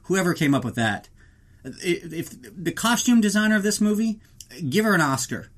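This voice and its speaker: A man with a slightly high voice rants his way through a comedic movie recap. He swears freely and sounds incredulous at what he is describing. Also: sing-song, normal speed. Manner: profane, ranting and incredulous. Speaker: movie reviewer.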